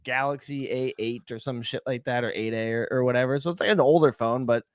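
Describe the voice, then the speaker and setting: A man's voice: mid-range voice, a little fast, no echo, clean studio sound. A man co-hosting a podcast, telling rambling, profane anecdotes in casual chat. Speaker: podcast co-host.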